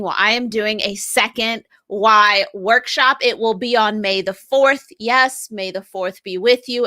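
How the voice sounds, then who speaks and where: A woman's voice: on the high side, pushed and bright. A woman brand strategist hosting a live stream, chatting upbeat with viewers and greeting commenters by name.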